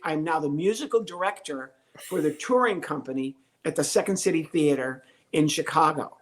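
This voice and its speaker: Animated older male storyteller. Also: a little high, normal speed. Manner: animated storyteller acting out quoted voices. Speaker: podcast guest, comedian and ventriloquist. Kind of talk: storytelling interview.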